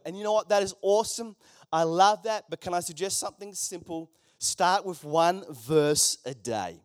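High-voiced man preaching a casual sermon. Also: moderate pace, no echo, clean studio sound. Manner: conversational, joking asides to the congregation. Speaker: pastor.

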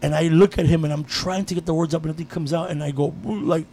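Animated, foul-mouthed male storyteller. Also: a little high, fast, slight background noise. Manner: animated storyteller, swears freely. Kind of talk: casual chat, storytelling.

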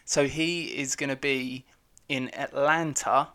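A man's voice: mid-range voice, steady tone, slow pace, bright, forceful tone. A young man co-hosting a podcast in casual chat, joking and goofy. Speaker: podcast co-host.

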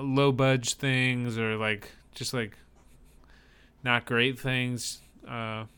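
A man co-hosts a casual chat in a bright, forward voice. His talk wanders and hesitates, with a dry sense of humor. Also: mid-range voice, smooth. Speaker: podcast co-host. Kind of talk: casual chat reacting to movie trailers.

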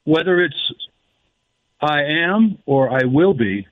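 A man calling in to a radio show, talking haltingly and reflectively and slowing down to stress quoted phrases. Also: fairly high pitch, lively intonation. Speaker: caller. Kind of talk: phone-in call. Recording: tinny phone line.

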